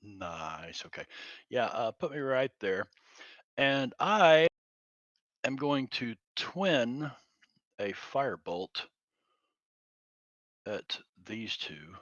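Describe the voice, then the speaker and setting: A man playing a tabletop game, unhurried and thinking aloud. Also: fairly low pitch, expressive, fairly bright tone, no echo, muffled recording. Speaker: player. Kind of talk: casual tabletop game chat.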